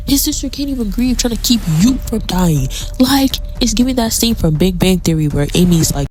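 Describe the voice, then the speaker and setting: A woman's voice: medium pitch, very animated, normal speed, few pauses, a little mellow. A woman giving a casual commentary on a TV episode, chatty and dramatic, repeating phrases for emphasis. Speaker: TV show commentator.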